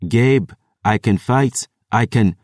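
A man's voice: mid-range voice, lively intonation, moderate pace, darkish tone, dry recording, studio quality, pitched above the performer's own voice, natural voice. A man doing a brash, mocking young warrior woman. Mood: defiant. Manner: brash, mocking, dialect-flavoured. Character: fierce sharp-tongued young woman warrior.

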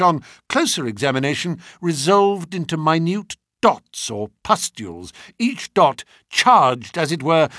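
A man giving a scripted narration of a classic detective story, telling it in the first person in an expressive, dramatic way. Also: on the high side, dry recording, clean studio sound. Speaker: audiobook reader.

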